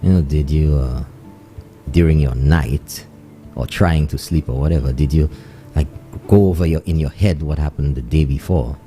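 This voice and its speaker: A man's voice: extremely low pitch, normal speed, dark tone, soft background music. A man with a Saint Lucian accent hosting a live morning show, chatting loosely, slipping into Creole phrases and greeting listeners place by place. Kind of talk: live morning radio chat with listener shout-outs.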